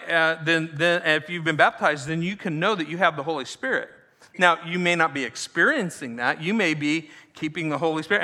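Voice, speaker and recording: A male pastor delivers a sermon in a chatty, animated way, tossing "right?" to the room between points. His voice sits high and rings very bright. The sound carries a long reverb, as from a church sanctuary. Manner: animated, conversational, frequent "right?" asides.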